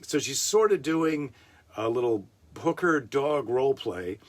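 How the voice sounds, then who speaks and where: A male comedian talks through a story in a loose, chatty monologue. His pitch swings widely and he keeps breaking off for wisecracks. The tone is offhand and conversational. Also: lively intonation, measured pace. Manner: rambling, wisecracking asides. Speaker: comedian host. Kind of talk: casual comic monologue.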